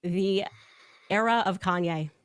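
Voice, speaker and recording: A woman telling personal stories in a fast, animated way, acting out the quotes. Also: medium pitch, clear, resonant tone, dry recording. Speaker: political commentator. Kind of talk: personal storytelling on a show.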